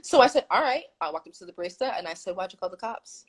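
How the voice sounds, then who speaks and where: A woman's voice: mid-range voice, fast, slightly rough, poor audio. A woman guest telling a story in casual chat on a video call, acting out what people said. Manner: animated, acts out quoted dialogue.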